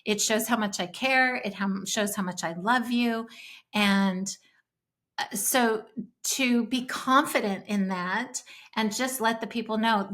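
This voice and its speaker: A woman's voice: a little high, a little slow, fairly bright tone. A middle-aged woman co-hosting a faith-based parenting podcast, talking in an earnest, emotional, casual way. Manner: earnest, emotional, speaks of crying easily. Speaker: podcast co-host.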